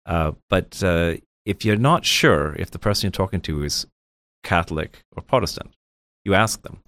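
A man's voice: low-pitched, lively intonation, moderate pace, a bit bright. A man, a guest with a professional clientele, chatting in an interview and telling joking anecdotes with lots of restarts. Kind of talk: casual interview chat.

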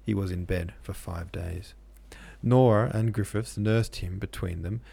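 Man narrating a classic novel, low pitch, gravelly fry, steady measured reading. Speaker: podcast host and audiobook narrator.

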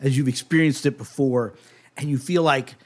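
A man's voice: mid-range voice, moderate pace. A young man running a tabletop game as game master, talking loosely with many fillers and restarts. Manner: relaxed, hesitant, many fillers.

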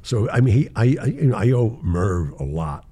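Casual show-business stories come from an older man with a fairly low, husky voice at normal speed. He's animated, acting out quoted voices and laughing often as he goes.

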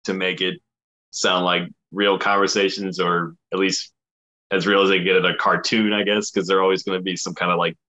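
A man's voice: low-pitched, little pitch movement, moderate pace, bright, forceful tone. A man, an animator who voices his own cartoon characters, chatting casually and laughing often. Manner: laughs often, loose rambling delivery. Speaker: animator and voice actor. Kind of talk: casual chat.

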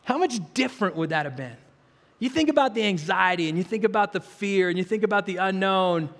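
A man's voice: sits high, fairly quick. A man preaching a sermon, telling stories earnestly and with animation, then leading a prayer. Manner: earnest, animated storyteller with stammered restarts. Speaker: pastor. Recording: long reverb of a large hall.

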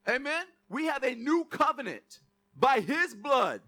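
A man delivers a sermon with a strikingly high, bright voice. He hits key words with emphasis, calls for responses, and drops casual jokes along the way. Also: sing-song, a little slow. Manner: call-and-response preaching with asides and jokes. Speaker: pastor.

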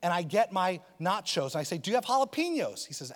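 A man preaching a sermon as a pastor, telling a personal story in an animated, humorous way. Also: fairly high pitch, quick pace, few pauses. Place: church auditorium. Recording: long reverb of a church hall.

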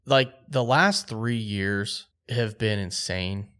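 A man's voice: lowish voice, slow, clear, resonant tone. A man co-hosting a podcast, telling a story in a casual, laid-back way full of "like" and quoted dialogue. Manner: excited, lively retelling with quoted dialogue; laid-back, filler-heavy speech with frequent "like". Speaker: podcast co-host.

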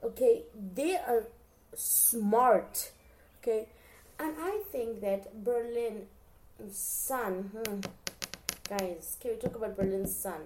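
Woman hosting a podcast, talky and animated, kinda high, mellow soft tone. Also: slow, a little hiss or hum. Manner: chatty and expressive, often addresses listeners as guys. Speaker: podcast host. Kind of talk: casual show recap chat.

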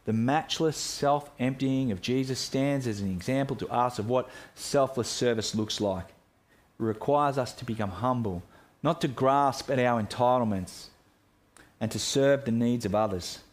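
Male pastor mid-sermon. Earnest and reflective, mid-pitched, restarts phrases. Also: unhurried.

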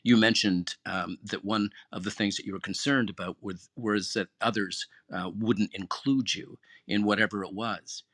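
A man's voice: lowish voice, steady tone, normal speed, hardly any pauses, a bit bright, dry recording, clean studio sound. A man hosting an online group room, giving an earnest, encouraging motivational talk that repeats its key phrases. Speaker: room host and moderator.

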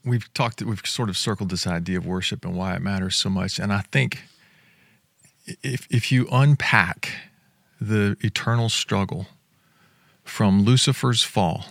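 Brief: gravelly male guest, measured and reflective, dry close mic. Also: fairly low pitch, a bit bright, dry recording. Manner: reflective, thinks aloud with hedges. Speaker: guest author. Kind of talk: casual podcast conversation.

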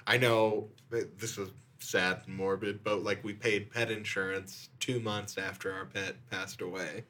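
A man hosting a laid-back podcast. His voice sits fairly low, and he talks in loose, rambling runs full of fillers. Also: fairly even intonation, measured pace, bright, forceful tone. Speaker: podcast host. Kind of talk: casual chat.

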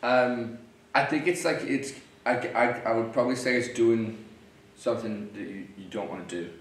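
A man's voice: medium pitch, normal speed. A man from England, a podcast guest talking hesitantly with many fillers. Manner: hesitant, filler-heavy storytelling. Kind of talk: casual podcast chat. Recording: echoey warehouse, mic at a distance.

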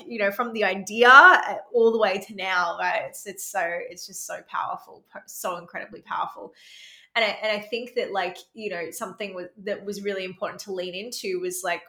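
A woman's voice: medium pitch, fairly even intonation, normal speed, pushed and bright. A woman podcast host and coach, speaking in an affirming, conversational way and often tagging her points with "right?". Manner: affirming, tags sentences with "right?". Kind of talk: casual conversational interview. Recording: echoey room.

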